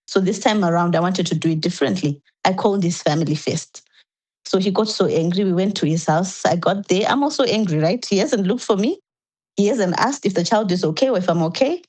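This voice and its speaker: A woman's voice: fairly low pitch, fairly quick, a little mellow, low-quality recording. A woman as a podcast guest, earnestly recounting a painful personal story step by step, often restarting her sentences.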